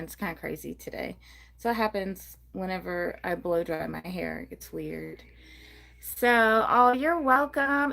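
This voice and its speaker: A woman's voice: a little high, fairly bright tone. A woman hosting a casual livestream about her gecko breeding business, chatty and rambling, cooing over her geckos. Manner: rambling with many ums and likes.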